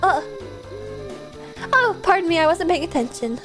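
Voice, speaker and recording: A woman streaming a video game, chatting excitedly and casually, swearing now and then. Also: extremely high pitch, moderate pace. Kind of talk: casual gameplay livestream chat. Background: faint game music.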